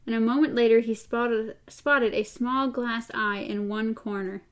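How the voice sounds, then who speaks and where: A woman co-hosting a podcast, reading a novel aloud and breaking into animated, chatty asides. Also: fairly high pitch, unhurried. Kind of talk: book reading with casual chat.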